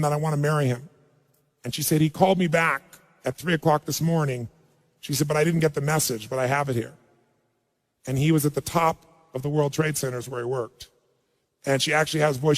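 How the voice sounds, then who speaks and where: High-voiced man urging a seminar crowd. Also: big-room sound. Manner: storytelling, then urging the crowd. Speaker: motivational speaker. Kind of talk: live seminar speech. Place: large hall with audience.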